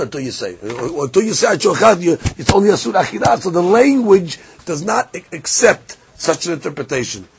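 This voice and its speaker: A man's voice: high voice, gravelly, breathy edge. A man teaching a daily Talmud class, reading the text aloud in Hebrew and Aramaic and then explaining it in English. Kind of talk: Daf Yomi Talmud class.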